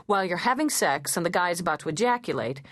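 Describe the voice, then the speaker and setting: A woman's voice: fairly low pitch, expressive, fast talker, no echo, studio quality, close to an everyday voice. A woman voicing a frank, worldly female friend who talks in a blunt, breezy, knowing way.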